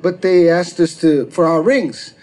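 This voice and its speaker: A man doing stand-up, telling a long profane story and acting out the people in it, with shouted quotes. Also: fairly high pitch, measured pace. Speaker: stand-up comedian. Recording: live crowd laughter. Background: audience laughter.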